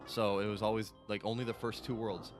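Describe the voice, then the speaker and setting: A man in his late twenties, a gaming co-host playing a game while telling excited, rambling stories and swearing freely. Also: fairly low pitch, brisk. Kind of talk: casual let's-play chat. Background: game music.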